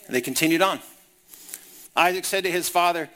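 Male pastor, slightly high, bright voice; storytelling sermon delivery. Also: a little fast. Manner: storytelling preacher, reads scripture then paraphrases it conversationally.

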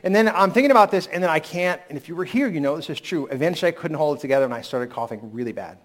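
A man's voice: a little high, expressive, very fast. A man preaching a sermon in a candid, conversational way, recovering from a lingering cold. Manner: candid, conversational preaching with sudden emphatic rises. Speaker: pastor.

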